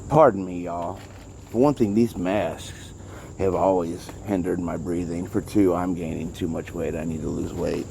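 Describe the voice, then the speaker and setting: Rambling low-voiced man vlogging outdoors. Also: steady tone, measured pace, vocal fry, warm tone, a little hiss or hum. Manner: rambling, chatty storytelling. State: out of breath. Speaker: vlogger caring for street cats. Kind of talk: casual vlog narration.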